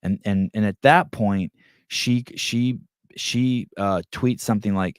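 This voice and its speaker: A podcast host with a fairly low, clean-toned voice takes his time retelling a story in a rambling monologue. He often restarts and acts out what people said. The recording is dry and studio-clean.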